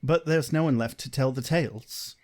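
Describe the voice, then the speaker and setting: A man putting on a stuffy British librarian, lower and softer, stiff clipped posh tone. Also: normal speed, lightly acted. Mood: grave.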